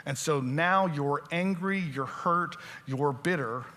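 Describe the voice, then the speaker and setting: A man's voice: fairly high pitch, slow pace, bright, forceful tone. A male pastor preaching a sermon in a conversational way, often quizzing his listeners with questions. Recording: long church-hall reverb.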